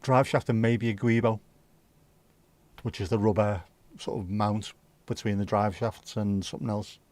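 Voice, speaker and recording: A man's voice: lowish voice, steady tone, moderate pace, darkish tone, no room sound. Sweary Scouse man chatting to live chat. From Liverpool, England. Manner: rambling, swears freely. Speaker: livestream host.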